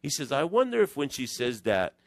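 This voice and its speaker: A man preaching a conversational sermon in church, telling stories in an animated, digressive way. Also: mid-range voice, fairly quick, vocal fry, dry recording. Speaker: pastor.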